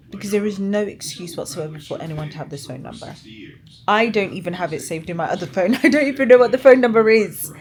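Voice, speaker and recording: A woman's voice: medium pitch, low-quality recording. A woman chatting casually to her vlog camera, rambling through asides and laughing easily. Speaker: vlogger.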